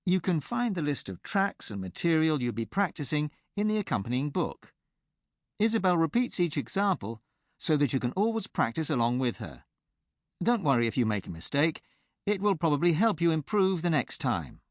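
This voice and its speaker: Lively-voiced man presenting a language course. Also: fairly high pitch, no echo, studio quality. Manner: clear, measured teacher's delivery. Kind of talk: scripted instructional narration. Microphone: close studio mic.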